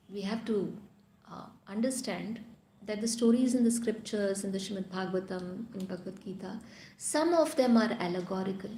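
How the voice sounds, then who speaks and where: Animated storytelling woman. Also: high voice. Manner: animated storyteller, frequent "you know". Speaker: scripture class teacher. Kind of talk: storytelling scripture class. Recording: echoey room.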